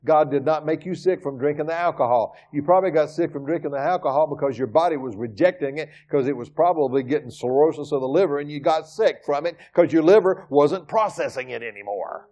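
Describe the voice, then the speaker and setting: A middle-aged pastor preaching in a church with a fairly high-pitched voice. He talks emphatically, jumping between loud, driving points and quiet, near-muttered asides to the congregation. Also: fairly quick, few pauses. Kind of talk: sermon. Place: church sanctuary.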